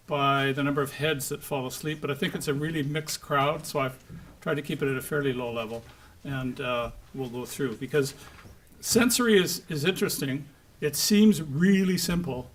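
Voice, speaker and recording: A man giving a conference lecture to a live audience, lively and joking with the crowd. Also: a little high. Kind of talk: conference talk.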